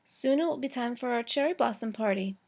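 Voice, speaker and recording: A woman reading as a gentle old professor. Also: on the high side, expressive, a little fast, gravelly. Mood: fond. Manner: patient, fond commands to a puppy. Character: kind, gentle older male Japanese professor.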